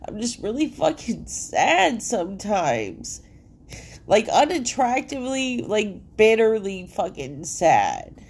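A woman's voice: medium pitch, wildly swooping pitch, takes it slowly, a little mellow, husky. Profane rambling woman with a stuffy nose. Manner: profane, rambling, heavy filler "like". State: congested nose. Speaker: solo podcast host. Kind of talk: casual rambling monologue. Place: at home.

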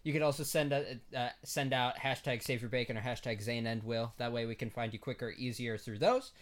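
A man's voice: medium pitch, fairly even intonation, brisk. A man co-hosting a casual podcast, playful and often laughing as he gives mock advice. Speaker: podcast co-host. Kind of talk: casual chat.

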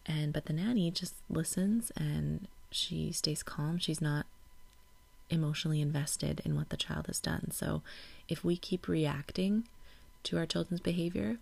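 A woman's voice: sits low, measured pace, vocal fry, darkish tone, breathy edge, dry recording. A woman in her thirties hosting a parenting podcast, talking reflectively in a casual solo way. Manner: reflective, gets emotional and laughs it off.

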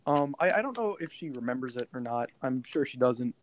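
A man's voice: medium pitch, expressive, fairly quick, highs cut off, a little hiss or hum. A young man co-hosting a podcast, making dry, wry remarks in casual chat. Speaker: podcast co-host.

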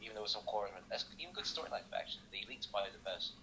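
A man's voice: on the low side, sing-song, very fast, background noise. A man giving blunt, opinionated takes in a casual chat about wrestling, often laughing as he talks.

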